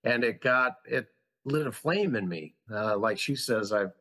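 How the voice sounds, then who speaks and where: A man's voice: medium pitch, expressive, measured pace, bright, forceful tone. Earnest, passionate man telling his story. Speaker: podcast guest, school founder. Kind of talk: conversational storytelling.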